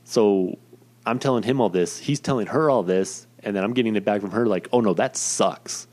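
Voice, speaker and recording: A man's voice: fairly low pitch, fairly quick, a little mellow. A young man casually telling a personal story in a rambling, profane, self-deprecating way.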